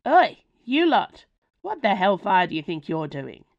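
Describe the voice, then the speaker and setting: A woman's voice: medium pitch, sing-song, measured pace, gravelly, muffled recording. A woman voicing a grumpy, bossy human mother who scolds her werewolf sons. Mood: furious. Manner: scolding, loud and stomping.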